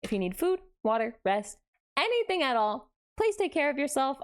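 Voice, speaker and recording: A woman's voice: high-pitched, big pitch swings, moderate pace. A young adult woman streaming casually, greeting chat with gasps and laughs. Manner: bubbly, gasping greetings to chat, frequent laughs. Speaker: VTuber streamer.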